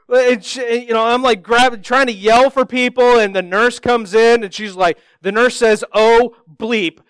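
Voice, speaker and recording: A man with a high, smooth, resonant voice delivers a sermon through self-deprecating personal stories, acting out the other people in them. The sound is dry and close, with no room echo. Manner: self-deprecating, animated storytelling with acted-out voices.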